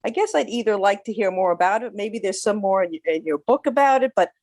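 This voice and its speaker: A woman posing a question to a speaker, effusive and appreciative, stumbling and restarting as she goes. Her voice is mid-pitched and recorded dry, with no room sound around it. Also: lively intonation, brisk, a little mellow, dry recording. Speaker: audience member asking a question.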